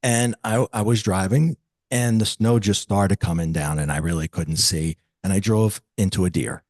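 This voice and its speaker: A man in his fifties, a metaphysical teacher, telling a personal story as an interview guest, reflective and lively when he quotes others. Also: sits low, normal speed, no room sound.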